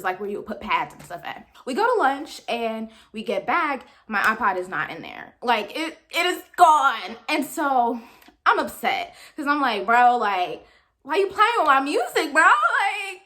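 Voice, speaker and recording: A young woman, telling a chatty storytime to her viewers. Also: a little high. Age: young adult. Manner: animated, chatty, addresses viewers as y'all. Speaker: vlogger. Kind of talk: storytime vlog.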